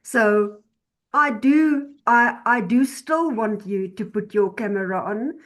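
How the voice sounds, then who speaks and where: A woman teaching an online class, explaining slowly and patiently, often repeating and restarting her phrases. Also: a little high, fairly bright tone.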